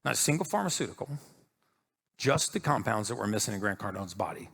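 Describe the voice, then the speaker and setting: A man tells a story on stage in a bright, forceful voice. He acts out each line of dialogue, lifting his pitch for the people he quotes. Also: quick pace, creaky, slightly rough. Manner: animated storyteller acting out quotes. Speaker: speaker. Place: stage before an audience.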